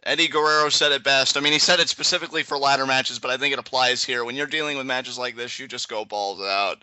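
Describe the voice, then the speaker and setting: A young man chatting excitedly in a live reaction, predicting what happens next and laughing often. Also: medium pitch, quick pace, smooth, no echo, muffled recording. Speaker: guest co-commentator.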